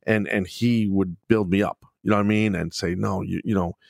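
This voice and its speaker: A middle-aged man hosting a podcast, telling wrestling stories in a loose, profane, animated way, laughing often. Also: low-pitched, brisk, gravelly, no room sound. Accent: New York. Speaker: podcast host, former wrestler. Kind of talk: casual storytelling chat.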